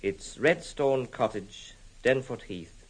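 An actor playing an anxious, formal gentleman worried about his look-alike cousin, in an old radio drama. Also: medium pitch, slow pace, slightly rough, rough recording. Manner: hesitant, earnest, formal. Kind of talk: 1950s radio drama acting.

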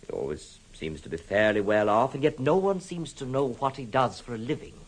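An actor playing an anxious, formal gentleman worried about his look-alike cousin, in an old radio drama. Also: medium pitch, animated, a little fast, breathy edge, low-quality recording. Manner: hesitant, earnest, formal. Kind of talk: 1950s radio drama acting.

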